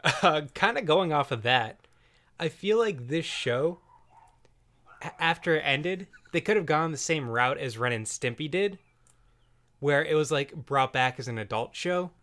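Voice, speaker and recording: A man's voice: on the high side, lively intonation, measured pace, a bit bright. Joking male podcast host. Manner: joking, laughs often. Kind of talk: casual chat.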